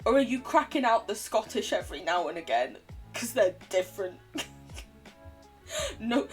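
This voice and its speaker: A young woman with a standard English accent, chatting to her viewers in a giggly, teasing way while she plays a game. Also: medium pitch. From England. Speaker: streamer. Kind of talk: casual live-stream chat while gaming.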